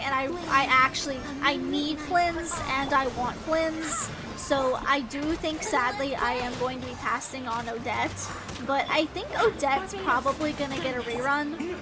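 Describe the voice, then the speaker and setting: A young woman with a high, bright voice chatters through her gameplay, rambling and giggling, breaking into sudden yelps. Game music plays clearly behind her. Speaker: gaming channel host. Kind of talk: casual gameplay commentary.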